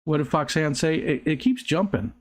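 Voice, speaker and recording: Older male livestream host, casual halting chatter, reads comments and drifts between topics. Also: fairly high pitch. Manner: rambling, halting, with frequent restarts and fillers. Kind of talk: casual live chat reading viewer comments. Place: outdoors near a pond.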